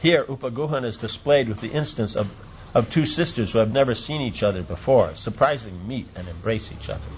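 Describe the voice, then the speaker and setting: A man's voice: mid-range voice, a little fast, a little hiss or hum. A man reading a devotional play aloud, with stage directions, footnotes and brief offhand asides. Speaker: reader.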